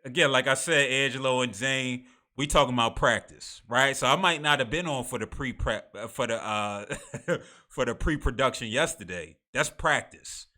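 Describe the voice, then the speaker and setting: A man's voice: mid-range voice, normal speed, bright, forceful tone. A man from the United States, hosting a live online talk show in a casual, conversational way with frequent laughs and restarts. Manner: conversational, laughs between remarks, many restarts.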